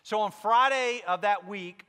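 A male pastor delivers a sermon in a high, bright voice, telling a personal story with candid asides before building to fervent emphasis. His words ring out with a long hall reverb behind them. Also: unhurried, smooth.

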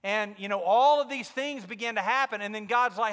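A male pastor delivers a sermon in a high, bright voice, telling a personal story with candid asides before building to fervent emphasis. His words ring out with a long hall reverb behind them. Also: fairly quick, few pauses.

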